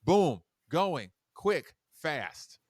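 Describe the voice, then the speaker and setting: A man voicing an energetic male morning radio DJ who talks fast and over the top. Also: on the high side, no echo, studio quality, exaggerated voice. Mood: hyped.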